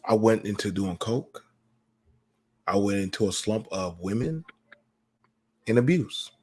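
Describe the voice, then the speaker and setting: A man hosting a casual call-in podcast, telling personal stories in a lively, preachy way with slang. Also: on the low side, a little slow, breathy edge. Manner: animated, preachy storytelling with slang. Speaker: podcast host.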